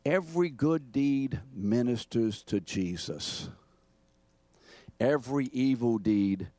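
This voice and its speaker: A man's voice: mid-range voice, dark tone, dry recording. An older man preaching an interactive sermon, teaching from scripture and pressing his congregation with questions and calls for answers.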